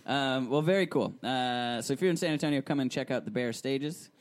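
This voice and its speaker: A man's voice: medium pitch, brisk. A man hosting a live podcast on a small theater stage, talking casually with lots of filler words. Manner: casual, many filler words, laughs often. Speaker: podcast host. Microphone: unamplified recording mic.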